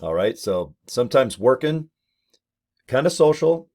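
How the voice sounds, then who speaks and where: A man's voice: mid-range voice, big pitch swings, measured pace, darkish tone. A middle-aged man casually vlogging to his webcam, rambling and cracking jokes. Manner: joking, rambling, slips into silly voices for bits. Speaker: network marketing vlogger. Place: home office with ring light.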